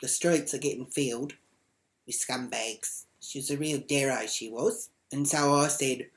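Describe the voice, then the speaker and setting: A woman's voice: extremely low pitch, moderate pace. A woman ranting to camera in a brash, foul-mouthed comic character. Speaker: comedy vlogger in character.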